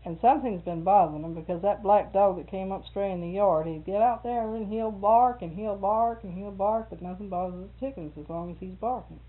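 A woman's voice: mid-range voice, a little fast, few pauses. Chatty woman on a tinny line. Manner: chatty storyteller, laughs often. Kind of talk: casual conversation. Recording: phone-like narrow band.

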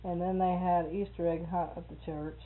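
A woman's voice: fairly low pitch, flat delivery, normal speed, a little hiss or hum. A middle-aged woman, chatting casually and telling rambling stories with frequent laughs. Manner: chatty storyteller, laughs often. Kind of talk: casual conversation. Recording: phone-like narrow band.

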